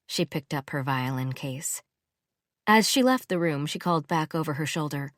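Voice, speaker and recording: A woman narrating a first-person romance audiobook in a measured, intimate way, close to the mic. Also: sits low, lively intonation, dry recording.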